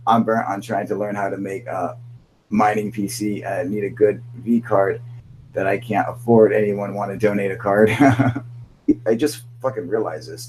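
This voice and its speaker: A man's voice: lowish voice, rough recording. A young man hosting a casual live stream, reading chat aloud, swearing often and laughing as he rambles.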